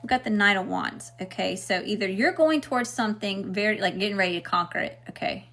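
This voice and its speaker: A middle-aged woman gives a casual spiritual tarot reading, blunt and emphatic, swearing freely and checking in with "okay?" Her mid-range voice has a fairly bright tone, and she talks fast.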